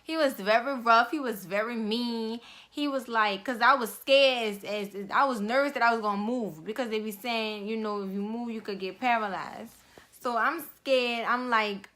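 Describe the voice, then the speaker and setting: A woman's voice: a little high, normal speed, fairly bright tone. A young woman telling her own story in a casual vlog, slangy and conversational with lots of fillers.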